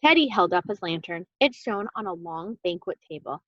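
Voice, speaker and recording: A woman reading a children's book aloud with expressive, animated storytelling. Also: fairly low pitch, normal speed, dry recording, muffled recording. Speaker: reader.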